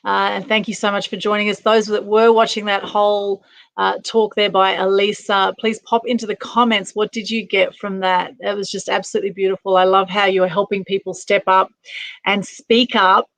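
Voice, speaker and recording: A woman's voice: mid-range voice, level tone, moderate pace, creaky, a bit bright, no echo. Effusive woman hosting an online summit. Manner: effusive, thanking and praising. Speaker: summit host. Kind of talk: live online interview. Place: online video call.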